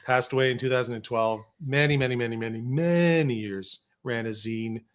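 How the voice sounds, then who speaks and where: A man's voice: medium pitch, moderate pace. A man on a podcast in a studio, telling rambling stories in casual chat, full of restarts and quoted dialogue. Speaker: podcast guest, filmmaker.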